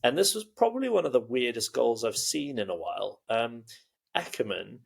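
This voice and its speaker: A man's voice: medium pitch, expressive, moderate pace, gravelly, breathy edge. A man co-hosting a casual football podcast, rambling and joking with plenty of "um" and "uh". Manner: rambling, jokey, heavy on fillers. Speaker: podcast co-host.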